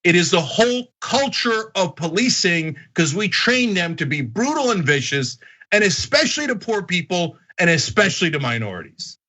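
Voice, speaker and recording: A man hosting a political commentary show, talking straight to his viewers in an animated, indignant way. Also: high voice, normal speed. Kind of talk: heated opinion commentary.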